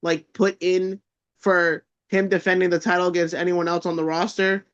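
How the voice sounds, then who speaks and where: High-voiced hesitant male co-host. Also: little pitch movement, moderate pace, clear, resonant tone. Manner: hesitant, stumbles over words, crude jokes. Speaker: podcast co-host. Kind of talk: casual wrestling chat. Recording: dull lo-fi sound.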